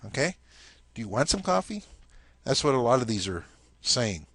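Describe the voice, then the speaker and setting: A man's voice: mid-range voice, big pitch swings, normal speed, a bit bright, dry recording. A man teaching a language lesson in a casual spoken style, explaining step by step and checking in often with "okay?".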